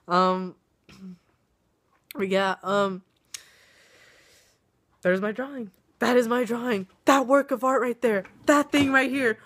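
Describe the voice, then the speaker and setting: Young woman vlogging from home, sick croaky voice, giggly and rambling, webcam mic. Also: medium pitch, moderate pace. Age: young adult. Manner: chatty, self-mocking, giggly. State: sick, voice coming and going. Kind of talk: casual vlog chat. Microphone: webcam or phone camera.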